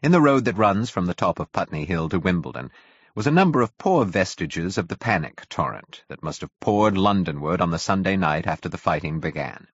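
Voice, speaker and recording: A man reading a classic novel aloud as narrator, in measured, even storytelling. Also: low voice, breathy edge, no echo. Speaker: audiobook narrator. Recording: dull, dry audio.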